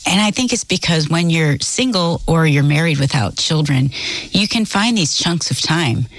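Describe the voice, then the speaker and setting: Low-voiced woman, faith talk co-host. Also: lively intonation, moderate pace, no room sound. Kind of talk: faith talk show conversation.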